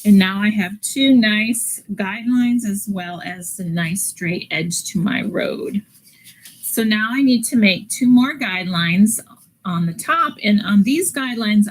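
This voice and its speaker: A woman's voice: medium pitch, low-quality recording. Lady art teacher walking kids thru a drawing step by step, easygoing, lots of ums. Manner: patient step-by-step instructions with fillers. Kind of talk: live online art lesson.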